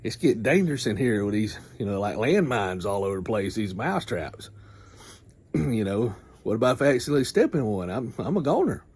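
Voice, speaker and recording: A man's voice: fairly low pitch, very animated, a little fast, a little mellow, slightly rough. A man voicing a small, frightened male farm mouse who pleads anxiously with the other animals.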